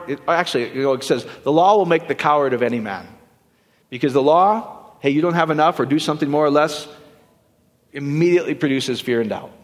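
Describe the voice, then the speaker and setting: Casual, joking male pastor, higher-pitched voice, hall reverb. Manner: joking, conversational preaching with quick asides. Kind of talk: sermon. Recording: long reverb of a church hall.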